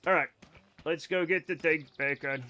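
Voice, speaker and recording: High-voiced, animated male streamer. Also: moderate pace. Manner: animated, jumps to sudden excited outbursts; rambling and self-mocking. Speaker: live streamer. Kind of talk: casual gameplay commentary to chat.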